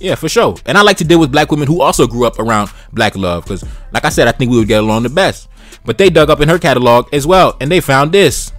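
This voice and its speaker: A man's voice: mid-range voice, lively intonation, a little fast, fairly bright tone, faint music behind. A man in his twenties giving blunt, slangy reaction commentary, repeating phrases for emphasis. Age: 20s. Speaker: YouTube commentator.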